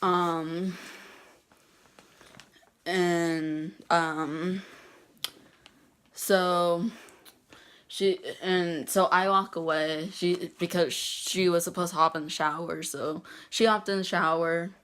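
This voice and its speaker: Teen girl vlogging a story, slowish and halting, kinda low voice, lots of ums. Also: fairly even intonation, a bit bright, smooth. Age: teens. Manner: halting, many ums and restarts, laughs at herself. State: getting emotional, near tears. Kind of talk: casual storytelling.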